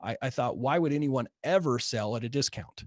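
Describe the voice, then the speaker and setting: A man guest telling a casual story, lively, peppering his talk with "right?" and "like". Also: medium pitch, a little fast, dry recording, studio quality. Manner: animated, rising to excitement; many fillers like "right?" and "like".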